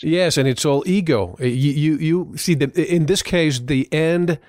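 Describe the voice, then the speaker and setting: A man interviewing a guest, agreeing and summing up in halting restarts. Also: fairly high pitch, a little mellow, no echo, clean studio sound. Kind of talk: interview conversation.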